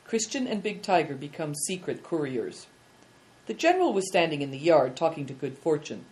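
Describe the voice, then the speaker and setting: Brief: female audiobook narrator, deep-toned, calm measured delivery. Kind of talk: audiobook reading.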